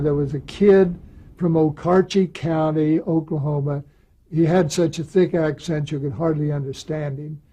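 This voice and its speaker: A man's voice: a little high, poor audio. A man in an interview telling an anecdote about an audition, acting out what people said. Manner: lively storyteller who acts out quotes. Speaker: actor recalling an audition.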